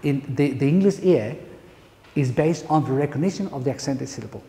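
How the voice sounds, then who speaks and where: Spanish-accented male pronunciation lecturer, mellow, slightly high voice, long hall reverb. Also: lively intonation, fairly quick. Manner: emphatic, playful lecturing with rhetorical questions. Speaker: pronunciation teacher. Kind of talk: lecture to university teachers.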